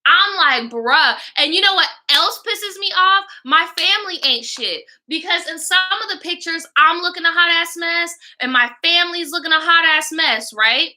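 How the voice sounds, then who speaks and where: A woman's voice: extremely high pitch, lively intonation, moderate pace, few pauses, sharp tone. A young woman hosting a livestream, telling a story in a casual, profane, exasperated rant. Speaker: livestream host.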